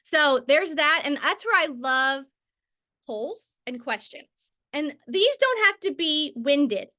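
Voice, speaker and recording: A woman's voice: sits high, expressive, slow, sharp tone. A woman in her thirties giving a casual training talk on selling through social media, chatty and full of tangents and filler words. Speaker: network marketing trainer.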